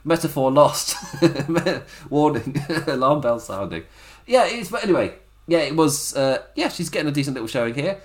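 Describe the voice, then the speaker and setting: A man's voice: a little high, animated, normal speed. A man giving a chatty, rambling spoken recap of a wrestling show, laughing often and acting out quotes.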